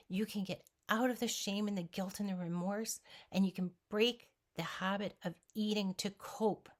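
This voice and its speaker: A woman vlogger giving an earnest, emphatic motivational talk straight to the viewer. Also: medium pitch. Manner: speaks directly to the viewer. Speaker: weight-loss vlogger.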